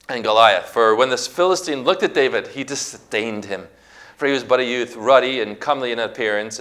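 A man preaching a sermon, emphatic and building at times to near-shouts. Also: mid-range voice. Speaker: pastor.

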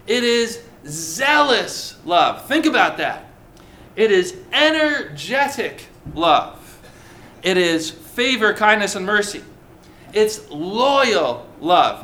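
Preacher man, bright high voice, animated sermon delivery, draws out key words. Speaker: pastor.

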